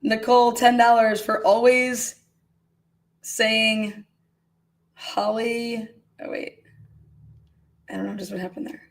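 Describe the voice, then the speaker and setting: A woman's voice: a little high, little pitch movement, slow pace, vocal fry, pauses often. A woman hosting a casual livestream, calling bingo games and reading viewer comments aloud with frequent laughter. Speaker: livestream host.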